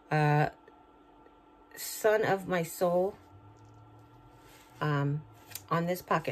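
A woman's voice: mid-range voice, a little mellow, slight background noise, poor audio. A middle-aged woman chatting casually at home as she opens and reads fan mail, sentimental and talkative. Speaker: vlogger opening fan mail. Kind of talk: casual unboxing chat. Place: home, indoors.

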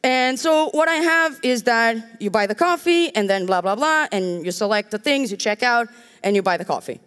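Lively woman speaking in a reverberant hall. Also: on the high side, normal speed, clean tone. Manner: joking and candid, with wry asides. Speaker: conference speaker. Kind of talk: conference talk. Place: large conference hall.

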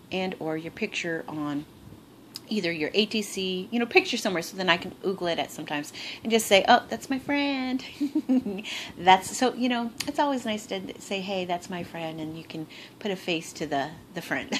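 Filmed on a phone in her bedroom, with plenty of background noise, a woman opens gifts for her crafting vlog. Her voice is on the low side, and she chats casually, gushing, gasping, and laughing often.

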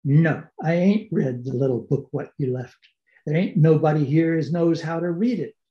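A man's voice: medium pitch, little pitch movement, normal speed, creaky, close to an everyday voice. A man reading as a drunken, resentful brickmaker. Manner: defiant, vehement, coarse grammar. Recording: dull, echoey video-call audio.

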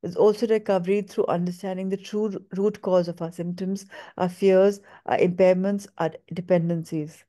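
A woman reads a book aloud in a low, warm voice. Her pace is measured and steady, with a few small stumbles.

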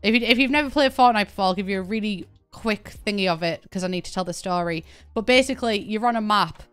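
A woman's voice: medium pitch, quick pace, a bit bright, clean tone, faint music behind. Chatty British woman streaming a game. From Britain. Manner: chatty, rambling, laughs often, swears casually. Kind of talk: casual live-stream chat while playing.

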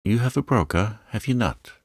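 A man's voice: on the low side, lively intonation, normal speed, husky, dry recording, clean studio sound, voice pushed up. A man reading the part of a grave young prosecutor who speaks with urgent, guarded seriousness. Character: stern male prosecutor, urgent and secretive.

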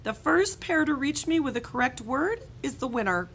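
A woman voicing a loud, bubbly female camp leader in a storybook reading. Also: high voice, very animated, moderate pace, slight background noise, pitched above the performer's own voice. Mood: instructing. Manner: shouty, bubbly.

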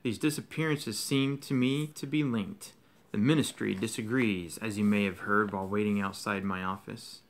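A man reading aloud, voicing a calm, wise old male headmaster in a soft, slow, measured way. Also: on the low side, close to an everyday voice. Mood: grave.

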